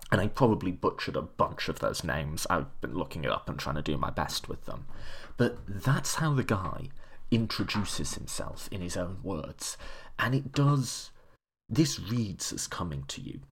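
A man with a low, husky voice talks through history like a relaxed lecture. His delivery is chatty and eager, with a lively rise and fall and a gravelly edge. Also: unhurried. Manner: chatty and enthusiastic, with fillers and self-corrections. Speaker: history presenter. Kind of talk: casual lecture-style explanation.

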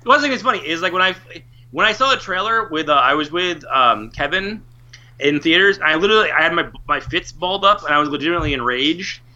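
A man's voice: fairly high pitch, quick pace. A man in casual podcast chat, ranting with lots of swearing. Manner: animated ranting, swears often. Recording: dull lo-fi recording.

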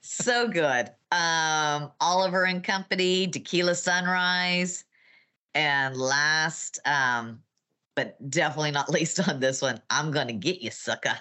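A woman's voice: low-pitched, measured pace, sharp tone. A woman in her fifties with a Texan accent, a guest chatting casually and nostalgically about her school days, talkative and laughing often. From Texas. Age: 50s. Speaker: guest, former class president.

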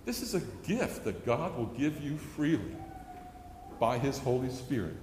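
A man's voice: medium pitch, very animated, unhurried, a little mellow, slight background noise. A middle-aged man preaching a sermon, telling stories earnestly and acting out a child's pleading. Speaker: pastor. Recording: echoey hall with long reverb.

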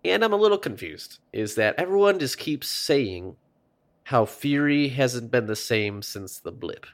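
A man's voice: medium pitch, sing-song, unhurried. A man co-hosting a podcast, casually recapping and rambling, swearing freely. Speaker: podcast co-host. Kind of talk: casual chat.

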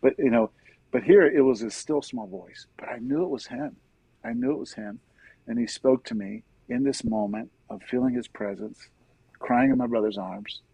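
A middle-aged man, a guest in an interview, earnestly telling his personal faith story in a soft-spoken, conversational way. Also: mid-range voice, normal speed, gravelly, husky, no echo, poor audio.

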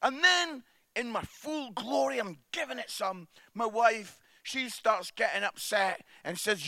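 A man preaching a sermon at a church service, animated, swinging from hushed tones to loud emphasis and often adding "yeah?" at the end of lines. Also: extremely high pitch, unhurried, creaky, dry recording, studio quality.

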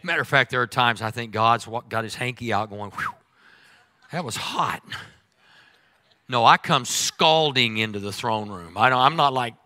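A man preaching a humorous sermon as pastor, animated, swinging between loud exclamations and quiet asides. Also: mid-range voice, fairly quick, hardly any pauses, smooth, dry recording.

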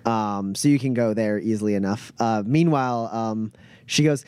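Relaxed male GM, mid voice, dry close mic. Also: fairly low pitch, moderate pace, smooth, no room sound. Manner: relaxed, filler-heavy narration. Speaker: game master. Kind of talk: narrating a tabletop game.

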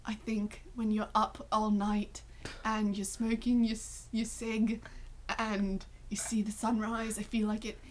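A woman putting on a laid-back young male pop singer, talking in a slow, giggly drawl. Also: medium pitch, little pitch movement, natural voice. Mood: mellow.

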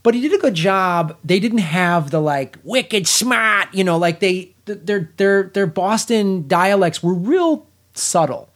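A man's voice: high-pitched, a little slow, few pauses. Blunt, fired-up middle-aged man. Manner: blunt and animated, swears freely, frequent restarts. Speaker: podcast co-host, film reviewer. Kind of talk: casual film review chat.

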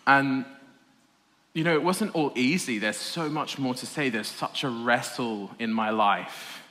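Man telling his testimony, bright voice, laughs a lot, echoey hall. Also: mid-range voice, unhurried. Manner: animated, laughs often, self-deprecating humour. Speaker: speaker giving a talk. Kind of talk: personal testimony talk. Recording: reverberant hall.

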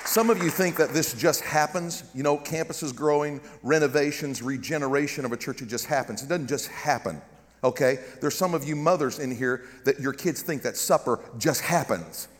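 A middle-aged guest pastor from the American South, his voice on the high side and his pace moderate, preaches a joking, spirited sermon punctuated by calls of amen. A faint crowd can be heard in the big-room sound of a large church with a balcony.

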